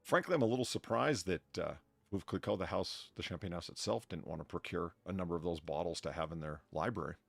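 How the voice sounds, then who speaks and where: Opinionated man, casual talk, reads bits aloud, low voice, faint music behind. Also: fast talker, gravelly, no echo. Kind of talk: casual chat on a live stream.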